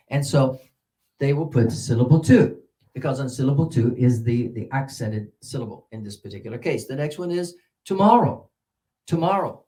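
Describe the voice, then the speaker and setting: An older American man teaching English pronunciation, drawing out example words and swinging between loud and soft. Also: mid-range voice, lively intonation, moderate pace.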